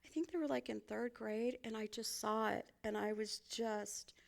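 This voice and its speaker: A woman's voice: a little high, steady tone, moderate pace, creaky. A woman minister, giving a conversational, folksy sermon and laughing often as she speaks.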